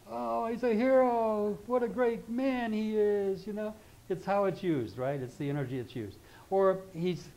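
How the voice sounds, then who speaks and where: A man's voice: on the high side, darkish tone, rough recording. An older man teaching an astrology class, talking informally, rambling into asides and checking in with the class. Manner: conversational, keeps checking in with "okay?".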